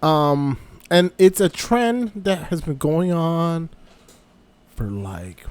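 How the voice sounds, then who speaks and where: A man's voice: on the high side, lively intonation, slow pace, clear, resonant tone. A man co-hosting a casual wrestling podcast, joking and slipping into impressions. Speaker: podcast co-host.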